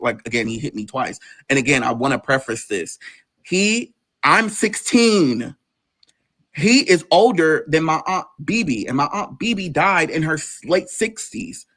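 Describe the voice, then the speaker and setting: Man, fairly high voice, emotional personal storytelling, intense, swearing. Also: sharp tone. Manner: intense, swearing, rising pitch in tense moments. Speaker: guest.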